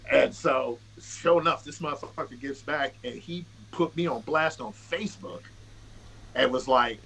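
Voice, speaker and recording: A man's voice: medium pitch, unhurried, gravelly, slight background noise, low-quality recording. A man guest on a podcast, a rapper telling a casual, profane story and acting out what people said. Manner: profane, animated, acts out quotes.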